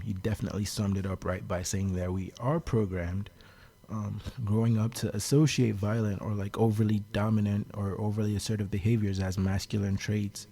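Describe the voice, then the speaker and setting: Low, gravelly male podcast guest; mellow, thoughtful delivery. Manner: thoughtful, measured, filler-heavy. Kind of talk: casual podcast discussion.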